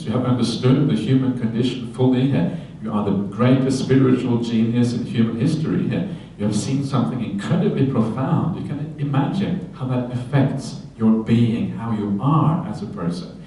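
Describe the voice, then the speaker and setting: A man, a Buddhist monk, giving a conversational Dharma talk at a retreat, with many fillers and "yeah?" tags, breaking into lively quoted voices. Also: medium pitch. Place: retreat hall. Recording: very echoey hall, voice from far off.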